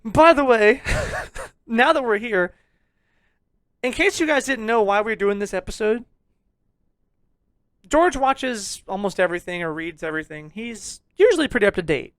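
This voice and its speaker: A young man rants on a podcast with a loud, jokingly abrasive edge. He swears freely and teases his listeners. The recording is close and dry. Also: high voice, lively intonation, moderate pace, long pauses, clear, resonant tone, no echo. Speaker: podcast co-host. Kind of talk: casual ranting review chat.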